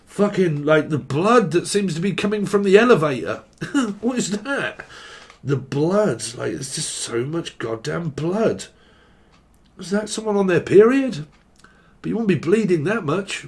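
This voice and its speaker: A man from England giving a casual tarot reading. He rambles and swears as he follows one loose thought into the next. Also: a little high. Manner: rambling, swearing, free-associating. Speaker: tarot reader.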